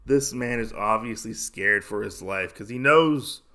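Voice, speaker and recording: Gravelly man casually recapping a comic. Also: lowish voice, unhurried. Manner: rambling, animated retelling. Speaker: podcast host.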